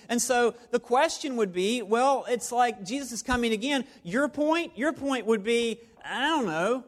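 A man's voice: very high voice, lively intonation, moderate pace, few pauses. A pastor, a man, preaching a sermon to a live congregation in a playful, repetitive, conversational way. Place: church service before a live congregation.

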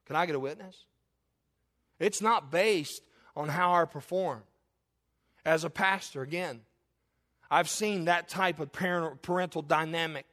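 This middle-aged man is a pastor delivering an impassioned sermon, addressing his congregation with rhetorical questions and appeals. His voice sits high and has a bit of brightness.

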